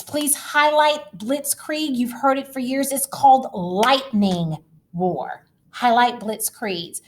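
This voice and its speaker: A woman teacher giving a recorded history lecture, lively and dramatic, speaking straight to her students. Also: fairly high pitch.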